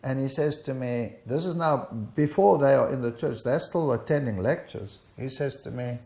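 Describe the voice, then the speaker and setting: Speaking at normal speed in a creaky, medium-pitched voice, an older man recounts a personal testimony during an interview. He tells it animatedly, performing the dialogue himself, and the sound carries a roomy echo.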